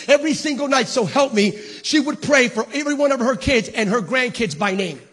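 A middle-aged man preaching a sermon as pastor, animated and playful with the congregation, dropping to a hush when telling a story. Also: very high-pitched, brisk, husky. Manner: addresses the congregation casually, calling them "baby". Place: church service.

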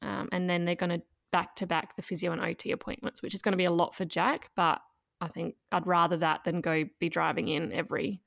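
A woman's voice: on the low side, little pitch movement, fairly quick, creaky, fairly bright tone, no echo, clean studio sound. A woman, co-hosting a podcast and chatting casually about family life, laughing often and saying "like" a lot. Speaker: podcast co-host, parent. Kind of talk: casual chat.

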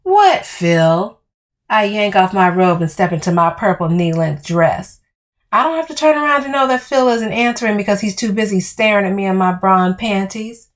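A woman's voice: mid-range voice, a little fast. A woman reading first-person audio fiction in a dramatic, heated, profane storytelling manner. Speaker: narrator.

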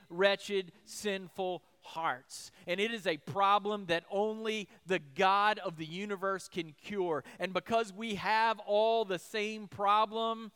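High, smooth-voiced preaching man. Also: a bit bright. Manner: preaching with rising emphasis and rhetorical questions. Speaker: pastor. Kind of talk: sermon.

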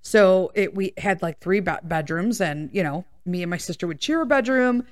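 A woman from the Chicago area, with a lowish voice and lively intonation, hosts a podcast at a normal speed. She tells a personal story casually, swearing a lot, drifting into tangents, and checking in with "okay?" and "right?"

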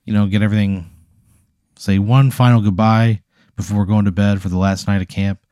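A man with a lowish voice tells an absurd story in a deadpan, ever-escalating way. The sound is dry and close, with no room to it. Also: moderate pace, clean tone, dry recording. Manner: deadpan, escalating absurd narration with acted-out quotes. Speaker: podcast host. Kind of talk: improvised comedic storytelling.

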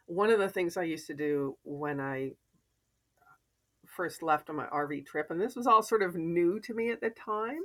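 A woman's voice: lowish voice, moderate pace. A woman, a podcast guest and mentor, telling stories and advice in an earnest, reflective way. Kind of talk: casual interview chat.

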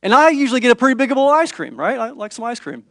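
A man in his thirties preaching a sermon, his voice sitting high for a man. He swings from near-whispers to raised, intense stretches as he tells the story. The sound is dry and close, with no room around it. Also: big pitch swings, rapid-fire, no echo. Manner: dramatic, shifts between hushed and raised voice for quoted figures. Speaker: pastor.

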